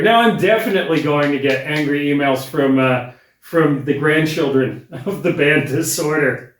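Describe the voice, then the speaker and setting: A middle-aged man talks through an album review in a casual, wry, blunt way, often stopping and restarting mid-sentence. His voice sits a bit high for a man. The room around him is noticeably echoey. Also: steady tone, a little slow. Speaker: record reviewer, channel host.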